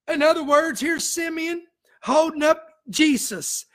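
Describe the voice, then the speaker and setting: A woman's voice: high voice, measured pace. A woman preacher delivering an emotional sermon, full of fervent, repeated exhortations to the congregation.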